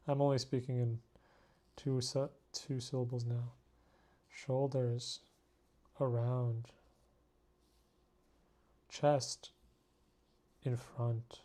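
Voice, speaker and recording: A tired man drawing late at night who talks at a slow, unhurried pace. He names each part in terse single words and breaks off into self-mocking asides. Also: mid-range voice, level tone, mellow. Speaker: artist drawing on camera. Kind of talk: casual talk to himself while drawing.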